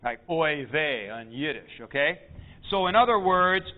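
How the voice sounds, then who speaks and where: A man teaching a Greek class, explaining pronunciation in a deliberate lecture and clearing his throat often. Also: fairly high pitch, animated. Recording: tinny phone-like lo-fi recording.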